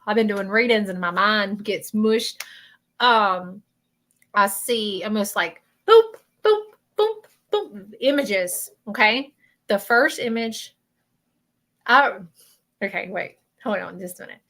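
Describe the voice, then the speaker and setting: A woman with a Southern American accent giving a live psychic reading, earnest and halting, often stopping to apologize. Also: mid-range voice, pushed and bright. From Southern United States. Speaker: psychic medium.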